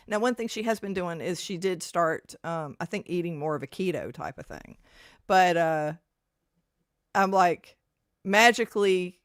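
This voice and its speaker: A woman co-hosts a casual health chat, rambling and exclaiming as she tells a story. Her voice sits at a middle pitch. The recording is dry and close. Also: sing-song, normal speed, fairly bright tone, dry recording. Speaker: co-host.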